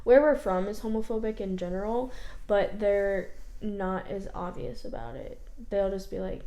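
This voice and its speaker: A woman's voice: medium pitch, normal speed, warm tone. Chatty young woman in a roomy space. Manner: chatty, emphatic, hesitant fillers. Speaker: YouTube co-host. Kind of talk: casual chat. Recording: roomy echo.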